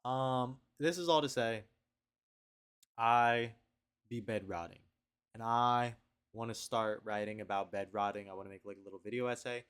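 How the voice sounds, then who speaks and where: A young man talks into the webcam in his room, keeping a loose confessional video diary. He rambles, questions himself, and circles back to the same phrases. His voice sits at an ordinary middle pitch. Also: normal speed, pauses often, fairly bright tone, smooth. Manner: rambling, self-questioning, trails off and repeats himself. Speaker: video diarist. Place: at home at a webcam.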